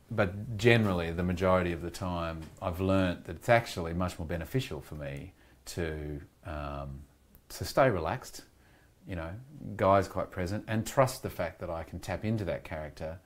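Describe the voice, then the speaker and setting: A low-pitched Australian man chatting as a guest on a podcast. He rambles in a candid, reflective way and thinks aloud as he goes. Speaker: guest actor. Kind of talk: casual interview chat. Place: podcast studio.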